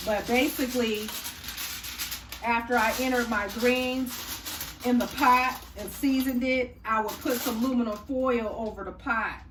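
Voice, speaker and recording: A woman's voice: a little high, reverberant. Chatty woman cooking, distant mic. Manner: chatty, folksy, says y'all and honey. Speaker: cooking channel host. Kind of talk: casual cooking tutorial. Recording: distant mic, faint room noise.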